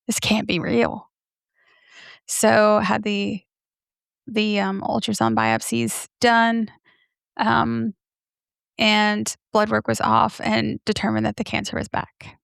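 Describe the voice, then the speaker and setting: A woman's voice: medium pitch, unhurried, creaky, no echo, clean studio sound. A woman podcast host in her thirties, earnestly telling a personal story in a candid interview and acting out the things people said to her. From from near New York City. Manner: earnest, animated storytelling, acts out quoted dialogue.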